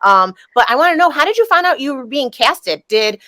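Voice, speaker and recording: A young woman co-hosts an interview, gushing with enthusiasm. Her voice is bright and forward. The sound is dry and close. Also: sits high, sing-song, no echo. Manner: enthusiastic, gushing, quick to laugh. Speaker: podcast co-host. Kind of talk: casual interview chat.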